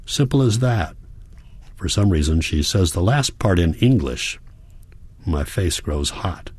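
Man, audiobook narrator, very low voice, calm, measured, reflective, dry close-mic sound. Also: breathy edge, no room sound. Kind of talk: first-person novel narration.

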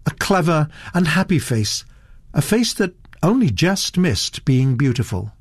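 Slow, lively male audiobook narrator, dry close recording. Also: a little high, husky, no room sound. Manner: measured, expressive storytelling. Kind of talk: scripted narration.

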